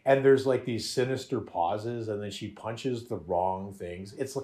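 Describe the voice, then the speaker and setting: A man's voice: fairly low pitch, a little slow, dark tone. A man hosting a podcast, chatting animatedly about a show with frequent laughs and restarts. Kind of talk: casual chat reviewing a show.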